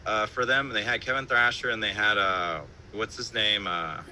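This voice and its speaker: A man with a piercingly bright, somewhat low voice chats as an interview guest from his home. His stories ramble loosely, packed with fillers, casual swearing and laughter. A faint hiss sits under the streamed call. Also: moderate pace, low-quality recording. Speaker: band musician, interview guest.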